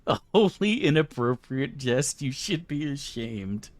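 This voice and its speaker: A man's voice: medium pitch, sing-song, measured pace, dry recording. A man casually commenting on his gameplay for viewers, joking and crude. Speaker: streamer.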